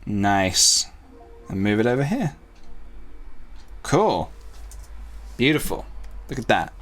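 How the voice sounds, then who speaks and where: A man's voice: on the low side, very animated, slow, a bit bright. A man chatting casually to viewers while drawing, rambling and self-talking with playful asides. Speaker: youtuber drawing on stream.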